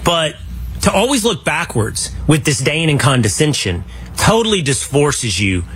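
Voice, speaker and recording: A man's voice: a little high, sing-song, measured pace, fairly bright tone, a little hiss or hum. A man hosting a talk show, giving his opinions expressively. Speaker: host.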